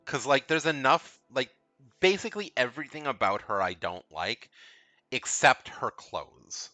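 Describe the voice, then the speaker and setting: A man talks through his rankings of game characters in a loose, rambling way, blunt about what he dislikes and prone to repeating a point. His voice is bright and edgy, recorded dry and close. Faint music plays underneath. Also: mid-range voice, no room sound. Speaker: video game tier list creator. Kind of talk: casual commentary.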